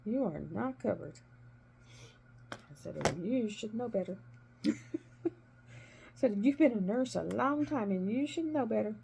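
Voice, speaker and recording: A middle-aged woman with a slightly high, gravelly voice tells a story in a relaxed, chatty way. She leans hard on her points and repeats them for emphasis. A faint hum sits under the recording. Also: unhurried, pauses often. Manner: animated, emphatic retelling of conversations. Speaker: crafting vlogger, former nurse. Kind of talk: casual storytelling while crafting.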